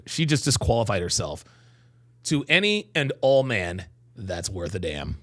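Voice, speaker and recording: A man hosting a livestream, reacting to a clip with profane, animated commentary, repeating phrases and stretching words for emphasis. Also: on the low side, unhurried. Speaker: host reacting to a video clip.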